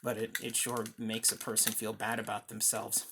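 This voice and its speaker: Guy as a bitter fed-up patient, low grumbly voice, homemade skit with a little hiss. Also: monotone, normal speed, vocal fry. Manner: bitter, resentful, later shouting. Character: bitter, defiant male mental patient. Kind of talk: amateur one-man reenactment.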